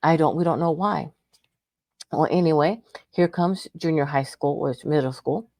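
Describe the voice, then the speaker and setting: A woman's voice: low-pitched, normal speed, warm tone, no echo, clean studio sound. A middle-aged woman from Texas telling a personal story in a rambling, emotional way, often restarting her sentences. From Texas, United States. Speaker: radio show host sharing a personal story.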